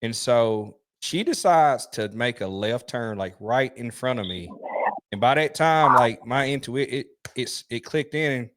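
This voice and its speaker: A man's voice: mid-range voice, lively intonation, unhurried, fairly bright tone. A middle-aged man, chatting casually as a truck-driving podcast host, telling stories animatedly with restarts and laughs. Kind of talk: casual chat.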